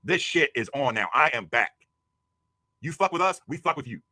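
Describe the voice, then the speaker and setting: A man shouting a profane, angry livestream rant, hurling insults at a rival. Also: medium pitch, expressive, normal speed, dry recording. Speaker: YouTube streamer.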